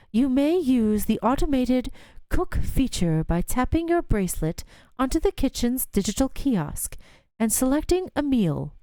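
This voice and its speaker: A woman voicing a courteous announcement over overhead speakers, measured and formal, in a game playthrough. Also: on the high side, warm tone, no room sound.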